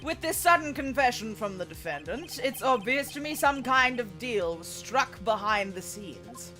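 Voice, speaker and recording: A woman's voice: a little high, animated, normal speed, bright, forceful tone, faint music behind. A woman doing a proud British prosecutor. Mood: cool. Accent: British, put on. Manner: formal and clipped. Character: poised young male prosecutor, cool and proud. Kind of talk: reading game dialogue aloud.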